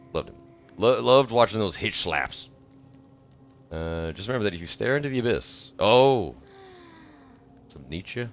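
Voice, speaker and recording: A man in his thirties chatting casually on a livestream, rambling from thought to thought and bursting into excited shouts. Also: fairly low pitch. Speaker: streamer.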